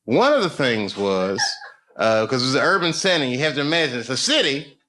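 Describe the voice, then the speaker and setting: A man's voice: mid-range voice, big pitch swings, a little fast, noisy background. Profane male stand-up comic, live club. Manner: loose, profane, rambling anecdotes. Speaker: stand-up comedian. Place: comedy club stage.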